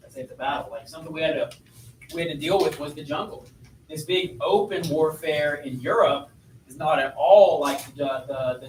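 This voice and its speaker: This history teacher has a fairly high, fairly bright voice and a conversational way of lecturing, tossing questions to the students along the way. He sounds distant in an echoey classroom, and there's slight noise in the background.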